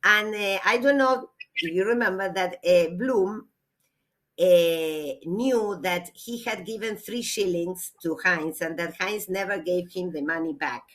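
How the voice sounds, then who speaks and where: A woman, a literature teacher giving a classroom lecture, reading aloud slowly and explaining with hesitations. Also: lowish voice.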